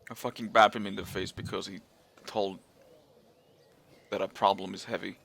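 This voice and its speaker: A man's voice: low voice, level tone, normal speed, vocal fry, a bit bright. A man playing a tabletop game, unfiltered and swearing freely. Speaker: player. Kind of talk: tabletop role-play.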